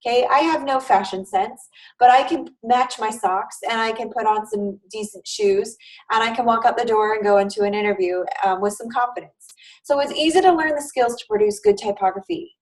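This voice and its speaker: A woman's voice: a little high, animated, a little fast, recorded from a distance, rough recording. A woman instructor giving a live online class lecture in a conversational way, often checking in with her students. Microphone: video call.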